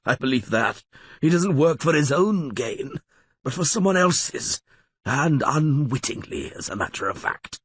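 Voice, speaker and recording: A man's voice: a little high, animated, measured pace, slightly rough, dry recording. A man voicing a cunning, sickly male lawyer who sneers with cynical scorn, in an audiobook. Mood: scornful.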